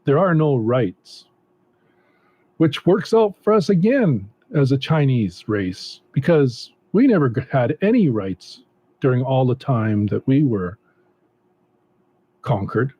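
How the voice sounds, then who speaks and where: Slow-talking deadpan male comedian. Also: mid-range voice, breathy edge. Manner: deadpan, unhurried delivery with hesitant fillers. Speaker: stand-up comedian. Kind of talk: stand-up comedy routine.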